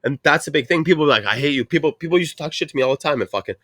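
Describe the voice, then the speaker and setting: A man hosts a relaxed podcast and talks quickly in a rambling, profane way, stumbling over restarts and repeating phrases. His voice sits in a middle range, and the close recording is dry. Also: on the high side, no room sound. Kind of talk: casual chat.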